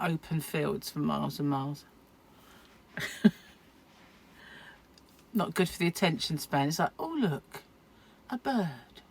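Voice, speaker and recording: A middle-aged British woman from the UK, chatting casually to camera as a crochet vlogger, rambling and self-deprecating with frequent laughs. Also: low voice. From United Kingdom.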